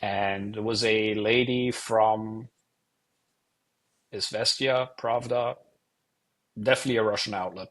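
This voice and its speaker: A middle-aged German man, a retired air force officer and wargamer, appears as a guest on an interview show, rambling through casual stories packed with "you know" fillers. His lowish voice is steady and fairly bright, moving at a measured pace with frequent pauses.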